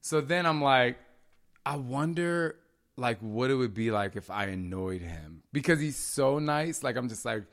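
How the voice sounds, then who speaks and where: A man in a relaxed couple's chat, telling stories about his kids with plenty of energy. He acts out the voices of the people in his anecdotes and laughs easily. His voice sits in a middling pitch. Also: normal speed, few pauses. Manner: animated storytelling, acts out voices in quotes, laughs often. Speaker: podcast co-host, husband and father.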